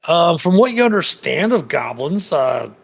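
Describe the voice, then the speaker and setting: Man, game master, gravelly voice, halting narration, tabletop game. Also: a little high, very animated. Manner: halting, many fillers and restarts while describing the scene.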